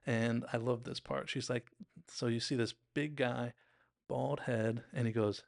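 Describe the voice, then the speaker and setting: A man's voice: mid-range voice, fairly even intonation, measured pace, vocal fry, no echo, clean studio sound. A man hosting a podcast, casually and enthusiastically breaking down a TV episode with lots of "like"s. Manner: chatty, enthusiastic, acts out quotes, many "like"s. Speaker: TV recap podcast host.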